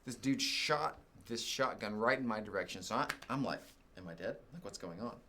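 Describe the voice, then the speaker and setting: Lively low-voiced preacher telling a story. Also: male voice, moderate pace, a little hiss or hum. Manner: animated storyteller, voice jumps high when exasperated. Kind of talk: sermon storytelling.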